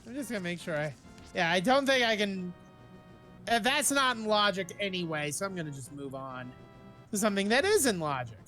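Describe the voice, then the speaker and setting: A woman streaming a game, thinking out loud as she plays. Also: mid-range voice, brisk, soft background music. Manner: thinks aloud while playing, animated. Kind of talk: live game commentary.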